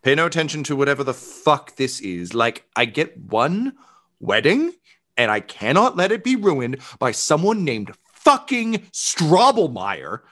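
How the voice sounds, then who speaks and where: A man's voice: fairly high pitch, sing-song, a little slow, a bit bright, pitched above the performer's own voice, heavily acted. A furious bride in armor holds her rage in check and swears in short, tight bursts, voiced by a man. She sounds clipped and controlled. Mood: seething. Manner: curt, swearing through clenched restraint.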